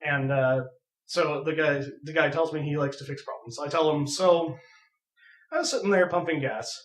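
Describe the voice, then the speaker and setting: A young man casually telling a funny story on a podcast, animated and laughing as he goes. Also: fairly high pitch, normal speed. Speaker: podcast co-host. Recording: echoey room, far from mic.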